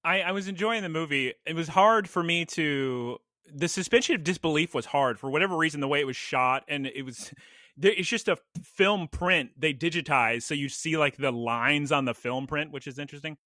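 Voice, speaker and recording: A man co-hosting a casual podcast chat, rambling from one story to the next and acting out his own reactions with a laugh. His voice is bright and fairly high, recorded close and dry with no room around it. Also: normal speed, no echo. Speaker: podcast co-host.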